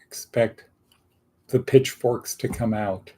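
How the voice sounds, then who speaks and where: Male host, husky and lowish, slow rambling motivational talk. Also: fairly even intonation, mellow.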